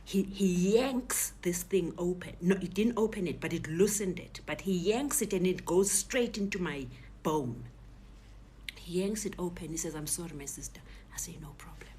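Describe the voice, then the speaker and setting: A woman recounts a personal ordeal in a low, breathy half-whisper. She voices the people in her story as she goes. Faint noise sits under the recording. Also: moderate pace, mellow.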